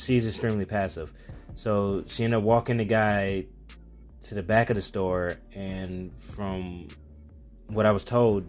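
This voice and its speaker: A man giving a casual, rambling storytelling monologue as a self-help vlogger, with plenty of fillers and restarts. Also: low voice.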